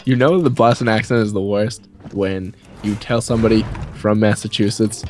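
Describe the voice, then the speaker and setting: A man's voice: on the low side, moderate pace, a little mellow, soft background music. A young man from New England in a casual storytime chat, rambling and swearing as he rants. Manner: rambling, profane, ranting. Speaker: co-host.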